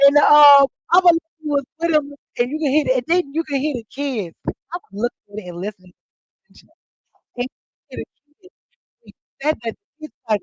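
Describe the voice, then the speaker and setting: Woman host, casual chat, animated storyteller who acts out quotes; dry, slightly dull lo-fi mic. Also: normal speed, pauses often, no room sound. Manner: animated storytelling, acting out quotes with big pitch jumps. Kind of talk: casual chat to a live audience.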